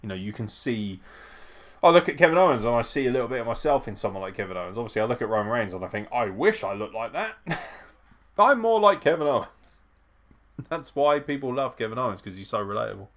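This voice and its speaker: A man's voice: mid-range voice, big pitch swings, fast talker, fairly bright tone. A man hosting a live watch-along, reacting casually and profanely, often chuckling as he comments. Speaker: wrestling show host.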